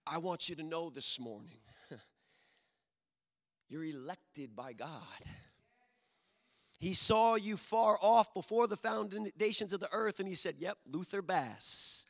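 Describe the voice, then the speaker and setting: A man preaching a sermon to his congregation, swinging from booming emphasis to hushed intimacy. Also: slow, creaky, long pauses. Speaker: pastor. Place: church sanctuary. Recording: long hall reverb.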